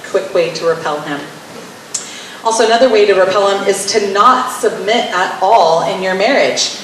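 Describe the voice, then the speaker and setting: A woman's voice: mid-range voice, normal speed. A woman teaching wives about marriage, wry and playfully sarcastic, often acting out little scenes. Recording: very echoey room, mic far off, faint hiss.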